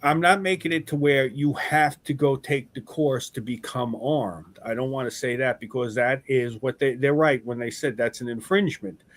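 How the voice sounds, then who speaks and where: A man hosting a podcast in casual chat, telling an animated story with swearing, then arguing his point earnestly. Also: medium pitch, normal speed, hardly any pauses. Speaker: podcast host.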